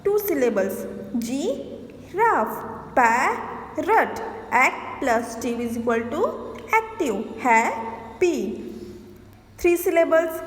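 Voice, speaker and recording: A woman's voice: sits high, expressive, slow pace. A woman teacher giving a classroom lesson, explaining points, asking questions and answering them herself. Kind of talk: classroom lesson mixing English and Hindi. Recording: echoey room with long reverb.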